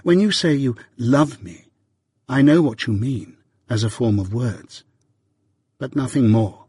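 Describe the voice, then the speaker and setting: Guy reading as a calm cold young lady in an audiobook, level and unmoved, bit husky. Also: medium pitch, a little slow, no echo. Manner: calm, detached, indifferent. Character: cold, composed young woman.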